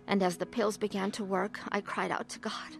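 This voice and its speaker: A woman's voice: mid-range voice, fairly even intonation, normal speed, creaky, soft background music, close to an everyday voice. An actress playing a troubled middle-aged woman who narrates her own story in a radio drama, earnest and emotional. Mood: somber.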